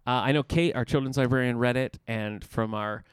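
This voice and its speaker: A man chatting casually as a podcast co-host. His voice is smooth and resonant, mid-pitched, and recorded dry and close with no room sound. He talks in a measured, slightly wry way, pausing on fillers. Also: no echo. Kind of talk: casual chat.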